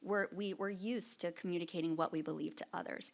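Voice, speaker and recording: A middle-aged woman speaks from a lecture stage at a conference keynote, her voice sitting low with a gravelly fry at the ends of phrases. She talks in an earnest, reflective way, pausing on ums and restarting her sentences as she thinks aloud. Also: steady tone. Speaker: museum curator giving a keynote. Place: lecture stage at an art fair.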